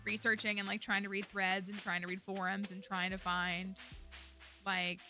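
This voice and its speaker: A woman's voice: mid-range voice, level tone, moderate pace, sharp tone, soft background music. A woman streaming a game, talking casually and rambling with lots of fillers. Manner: chatty, rambling, many fillers like "like" and "um". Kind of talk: casual gameplay chat.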